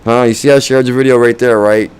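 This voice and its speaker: Smooth-voiced casual male crypto host. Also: medium pitch, steady tone, fast talker, darkish tone. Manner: loose, chatty, reads viewer names and counts aloud. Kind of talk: casual livestream chat.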